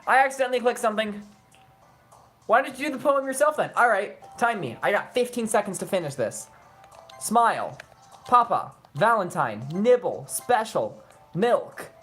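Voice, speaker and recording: A young adult woman giving casual let's-play commentary, playful and teasing, swinging fast between moods. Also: medium pitch, big pitch swings, fairly bright tone, faint music behind. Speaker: gaming streamer.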